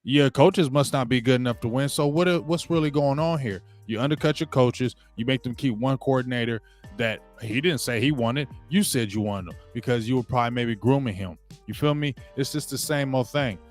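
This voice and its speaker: A man in the middle of a heated sports rant, talking at an ordinary mid pitch. He repeats himself and trips over his words, then mimics the people he criticizes. Faint music plays behind him. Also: normal speed. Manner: heated, repetitive, stumbles and restarts, mocking quotes. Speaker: sports show host. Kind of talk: opinionated sports commentary rant.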